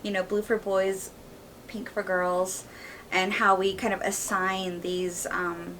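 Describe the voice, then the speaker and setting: A woman's voice: mid-range voice, level tone, slow, fairly bright tone, distant mic, slight background noise, low-quality recording. A woman co-hosting a podcast, speaking candidly and firmly in casual conversation, with frequent fillers. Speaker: podcast co-host.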